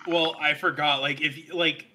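A man's voice: on the high side, fairly even intonation, measured pace, over a noisy crowd. A man co-hosting a podcast, chatting loosely about a movie he watched, with lots of restarts and laughter. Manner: rambling, restarts, laughs often. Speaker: podcast co-host. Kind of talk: casual movie review chat.

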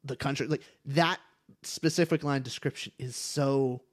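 A man's voice: mid-range voice, steady tone, measured pace. A man co-hosting a book podcast, chatting casually with wry, teasing banter. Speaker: podcast co-host.

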